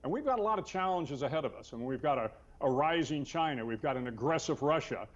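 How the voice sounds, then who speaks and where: An older man, a retired officer, answers interview questions in a measured, halting way, full of fillers. His voice sits a touch high. The sound is dull and lo-fi, like a remote feed. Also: lively intonation. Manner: measured, hesitant, with many fillers.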